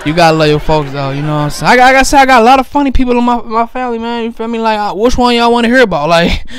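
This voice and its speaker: High-voiced man telling crude rambling stories. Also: animated, rapid-fire, fairly bright tone. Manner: rambling, keeps asking "you feel me"; swears a lot, breaks into laughter. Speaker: comedian. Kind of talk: profane comedic storytelling monologue.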